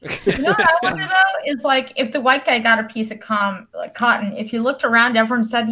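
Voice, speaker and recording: A woman chatting on a live podcast in an animated, chatty way. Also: fairly high pitch, a little fast. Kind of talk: casual podcast chat.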